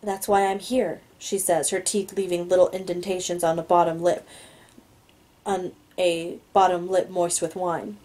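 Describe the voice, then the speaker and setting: A woman's voice: lowish voice, little pitch movement, moderate pace, warm tone, low-quality recording. A woman reading a novel aloud, stumbling on words now and then and adding her own asides. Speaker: reader.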